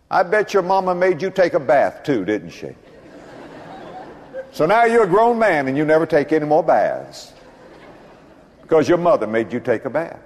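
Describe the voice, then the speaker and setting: An older man preaches from the pulpit, his voice leaping high and dropping low with dramatic flair. His tone sits a touch higher than most men's. The sound carries the long reverb of a church hall. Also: sing-song, moderate pace, pauses often. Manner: dramatic preaching, swings between booming and hushed. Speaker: pastor. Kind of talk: sermon. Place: church building.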